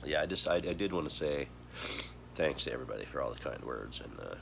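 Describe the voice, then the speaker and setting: A grieving man with a voice of extreme depth and a gravelly rasp speaks slowly and haltingly, starting over again and again. He sounds choked up. Steady background noise sits under his voice. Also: a bass voice. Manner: heavy, halting, with many pauses and restarts. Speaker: vlogger. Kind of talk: grieving personal vlog.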